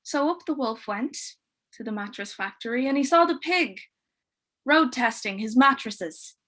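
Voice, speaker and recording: A woman telling a twisted fairy tale aloud in a playful, expressive way with dry wit. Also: a little high, a little slow. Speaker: storyteller. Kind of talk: oral storytelling.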